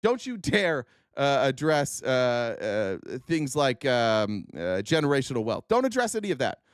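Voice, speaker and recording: A man streaming unscripted political commentary, sarcastic and profane, swinging from low muttering to heated outbursts. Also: big pitch swings, a little slow, clear, resonant tone, no room sound, clean studio sound.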